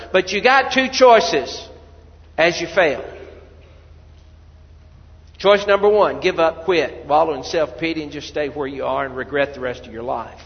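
High-voiced preacher in a dull echoey hall. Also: male voice. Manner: preaching with sudden loud cries when voicing people praying. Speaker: pastor. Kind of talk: sermon.

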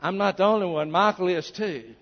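Speaking a little fast, this Arkansas pastor gives his sermon in a high, gravelly tone, keeping things earnest and chatty with frequent asides. His words are muffled and dull on the recording, followed by a lingering church-hall echo.

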